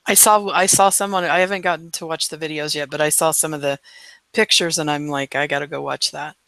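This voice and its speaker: A woman's voice: sits low, steady tone, brisk, a bit bright, no echo. A woman co-hosting a late-night casual chat, talking in an affectionate, easygoing way.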